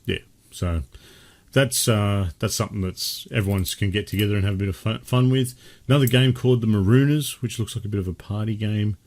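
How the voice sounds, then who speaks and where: A man co-hosts a gaming podcast in a relaxed, rambling way, often restarting his sentences. His voice sits fairly low. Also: brisk. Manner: chatty, rambling with many restarts. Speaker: podcast co-host. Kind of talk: casual chat.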